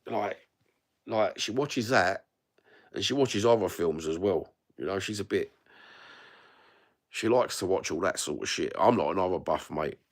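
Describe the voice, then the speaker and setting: A middle-aged man with a London accent, talking in a very low voice. He rants casually to his viewers, blunt, slangy and full of swearing, the way someone talks on a phone livestream. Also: animated, unhurried, pauses often. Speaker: livestream host reading chat. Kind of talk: casual live-chat rant.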